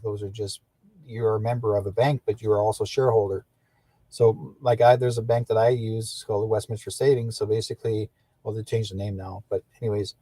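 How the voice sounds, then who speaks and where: A man's voice: fairly low pitch, dark tone, dry recording. An older man from Canada hosting a livestream, talking in a rambling, indignant way that repeats and restarts often. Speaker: livestream host.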